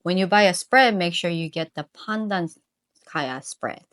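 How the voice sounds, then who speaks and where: A woman in her twenties, from the United States, casually chatting to close her cooking vlog, her voice trailing off softly at the ends of lines. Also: lowish voice, measured pace. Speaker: vlogger.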